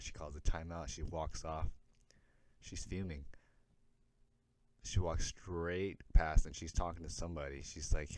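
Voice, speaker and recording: A man hosting a casual sports recap, chatty, voicing the players' reactions in quick asides. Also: low voice, fairly even intonation, a little hiss or hum. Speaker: host, sports commentator.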